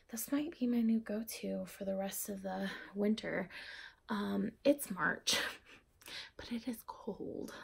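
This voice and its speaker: A young woman hosting a knitting podcast, chatting casually about her projects with lots of ums. She sounds a little out of breath and often drops her voice to a soft near-whisper. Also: medium pitch, gravelly. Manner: chatty, rambling with many ums.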